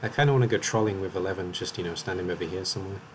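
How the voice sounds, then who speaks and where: Low-voiced chatty man, faintly Welsh. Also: very fast, noisy background. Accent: slight Welsh. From Wales. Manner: chatty, rambling, corrects himself often. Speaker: streamer. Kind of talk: live game commentary.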